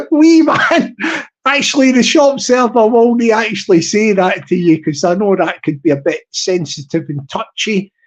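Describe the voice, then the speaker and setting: A man's voice: high voice, moderate pace, hardly any pauses, highs cut off. A young man hosting a live stream, telling a rambling comic story with lots of restarts and asides.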